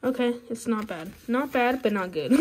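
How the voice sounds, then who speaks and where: A woman's voice: fairly high pitch, measured pace. Chatty woman tearing card packs. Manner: chatty, excitable, cheers and pleads at cards. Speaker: card-opening vlogger. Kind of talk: casual pack-opening commentary. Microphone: phone. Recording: loud wrapper crinkling and tearing noise. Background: crinkling, tearing foil packs.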